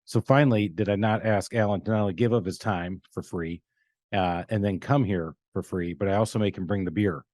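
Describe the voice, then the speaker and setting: A middle-aged man hosts a laid-back business podcast from a studio, bantering loosely, joking, and laughing with his guests. His voice is fairly low and a little mellow, he talks briskly, and there is no room sound.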